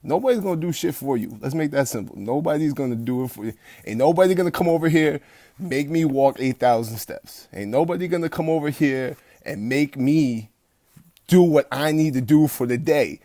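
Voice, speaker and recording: This gravelly-voiced fitness coach, pitched on the high side and talking at a moderate pace, delivers a late-night pep talk from home. Blunt and freely swearing, he keeps starting over and grows loud and heated when ranting. The audio is close and dry, without echo.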